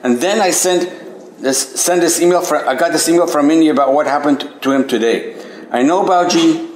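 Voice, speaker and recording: A man sharing personal memories with a group at a spiritual center, hesitant, with many restarts, rising high and animated when amazed. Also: a little fast, slight background noise. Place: meeting room at a spiritual center. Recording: echoey room recording.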